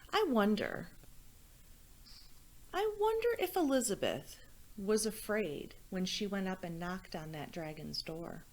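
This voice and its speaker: A woman telling a children's story, slow and unhurried. Her voice rises and falls expressively as she speaks gently to young listeners. Her pitch is middle-range.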